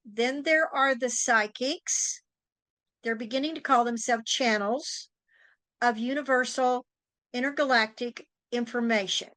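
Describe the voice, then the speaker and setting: Female talk host, psychic, chatty storyteller, fairly high voice, dry close recording. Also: measured pace, sharp tone, no room sound. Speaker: psychic and tarot teacher, podcast host. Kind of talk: casual interview chat.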